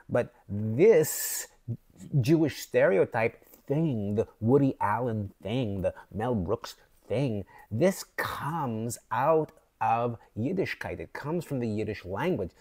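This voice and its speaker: A man from Canada talking slowly and thoughtfully to camera in a reflective vlog, with fillers and restarts. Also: medium pitch, animated, a little mellow. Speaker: vlogger.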